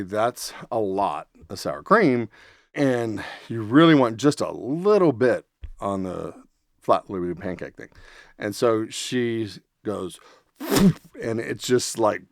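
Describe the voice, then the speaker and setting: A man hosting a podcast, telling a casual anecdote in a rambling, animated way with many fillers. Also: lowish voice, no echo, studio quality. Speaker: podcast host. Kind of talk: casual storytelling.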